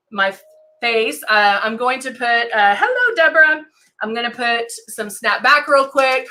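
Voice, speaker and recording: A woman with a bright, slightly high voice talks through her makeup routine on a live stream. Her talk is casual and chatty, full of ums and quick hellos to viewers by name. She speaks to a camera at her desk. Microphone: desk camera and monitor setup.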